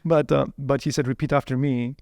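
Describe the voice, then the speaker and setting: Gravelly-voiced man telling his story animatedly. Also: medium pitch, fairly quick, no room sound. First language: Uyghur. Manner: animated, repeats words while searching for them. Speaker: interview guest. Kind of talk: casual storytelling interview.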